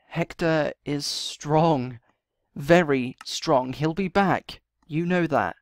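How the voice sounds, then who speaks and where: Slow-paced and slightly high, this man's voice belongs to a roleplay series host in character during a game. He sighs and mutters to himself, then breaks into urgent pleading while out of breath. The recording is dry and studio quality.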